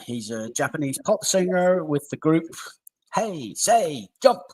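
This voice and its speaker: Husky man reading a music news list. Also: fairly high pitch, rough recording. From United Kingdom. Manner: steady list-reading with small asides. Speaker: live stream co-host. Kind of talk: reading a list of deaths and birthdays.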